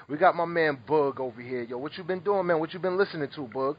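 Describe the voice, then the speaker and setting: A man's voice: fairly high pitch, fast, hardly any pauses, dull audio, slight background noise. A man hosting a podcast in casual chat, laughing and rambling, a little tipsy after a couple of drinks. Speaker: podcast host.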